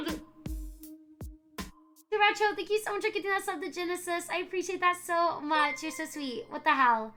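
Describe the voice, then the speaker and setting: A woman's voice: very high-pitched, animated, fairly quick, music in the background. A young woman streaming live, chatting casually and effusively thanking viewers by name. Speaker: variety streamer.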